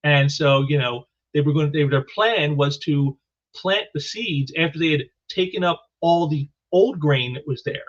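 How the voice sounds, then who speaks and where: Male comic reviewer, rambling and halting, slightly high voice, muffled recording. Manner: halting, repeats words often. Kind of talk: casual comic book commentary.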